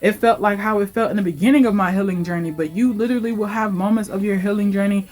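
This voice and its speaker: A woman's voice: mid-range voice, fairly even intonation, fast talker, a little mellow. A woman in her late twenties giving an emotional, heartfelt life update in her vlog, talking in a casual, confiding way. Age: late 20s. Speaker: vlogger.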